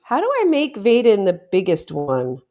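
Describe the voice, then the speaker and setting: A woman's voice: medium pitch, wildly swooping pitch, moderate pace, warm tone. A woman hosting a casual podcast chat with friends, playful and bossy, often laughing. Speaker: podcast host.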